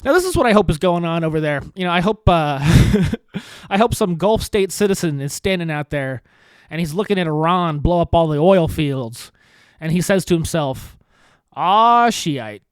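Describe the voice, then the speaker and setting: A man's voice: fairly high pitch, expressive, moderate pace, smooth, no room sound. A man hosting a comedy podcast, delivering an exasperated, sarcastic rant with frequent swearing. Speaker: podcast host. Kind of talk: comedic monologue.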